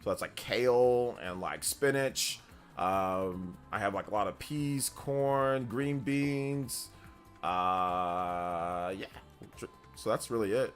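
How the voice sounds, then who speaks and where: A man hosting a casual gaming news livestream, chatting freely, reading out viewer questions and telling animated stories with frequent laughter. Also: fairly low pitch, slow pace, soft background music. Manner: animated storyteller, laughs often, answers chat questions.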